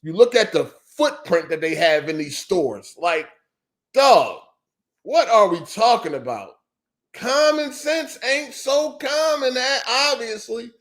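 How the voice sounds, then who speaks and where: A man with a high-pitched voice rants on a gaming podcast, exasperated and incredulous. He swears freely, repeats his catchphrases and keeps circling back to the same point. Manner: heated, profane and repetitive, full of "you know what I'm saying". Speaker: podcast host. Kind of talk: ranting gaming podcast monologue.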